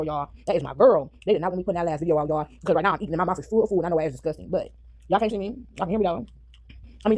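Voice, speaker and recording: Woman rambling to her followers while she eats, super quick talker, dry close phone sound. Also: lowish voice, a little mellow, dry recording. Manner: chatty, addresses viewers as y'all, sings snippets. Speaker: vlogger. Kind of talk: casual chat while eating.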